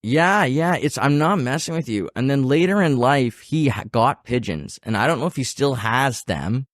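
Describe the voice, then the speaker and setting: A man with an Ottawa Valley country twang hosting a podcast, a chatty storyteller who talks to his listeners in a casual, animated way. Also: medium pitch, normal speed, no room sound, clean studio sound. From Ottawa Valley region, Canada. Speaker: podcast host. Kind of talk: casual interview chat.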